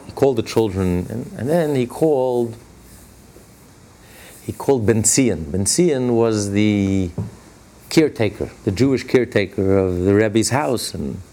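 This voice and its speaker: A man teaching a religious lesson and telling stories, stressing key words with sudden jumps in pitch. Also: expressive, unhurried, dark tone. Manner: retells stories by acting out their dialogue. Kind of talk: Torah class storytelling.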